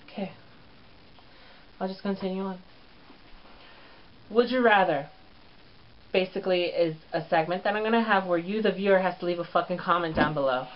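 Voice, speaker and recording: A man's voice: sits high, moderate pace, long pauses. A man hosting his own comedy vlog show, sassy and crude, with lots of swearing. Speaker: show host. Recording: lo-fi dull recording.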